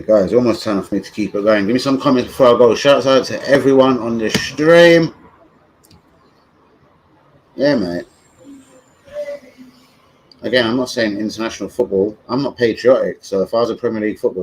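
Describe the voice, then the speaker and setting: A man's voice: fairly low pitch, fast, darkish tone, a little hiss or hum, poor audio. A young man ranting in a rambling, sweary livestream chat about football. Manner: rambling, sweary, loses his thread. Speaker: football fan streamer.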